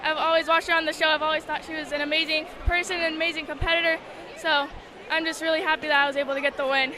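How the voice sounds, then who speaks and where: Female athlete, modest and a bit hesitant, high bright voice, faint crowd behind; post-race interview. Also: flat delivery, fast talker, noisy background.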